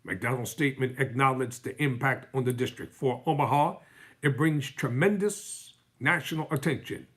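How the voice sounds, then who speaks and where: Live-stream host, male, husky mid-range voice, reads news copy and cuts in with heated, mocking commentary. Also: medium pitch, normal speed, a bit bright. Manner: fiery, sarcastic, mocking. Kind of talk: reading news articles aloud with heated commentary.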